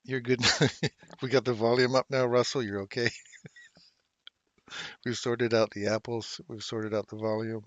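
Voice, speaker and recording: A man's voice: medium pitch, little pitch movement, unhurried, long pauses, a bit bright, no echo, lo-fi sound. A man in his fifties, originally from England, hosting a casual trading livestream, chatting with viewers by name and laughing often while reading charts. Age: 50s. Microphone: desk mic, moved close.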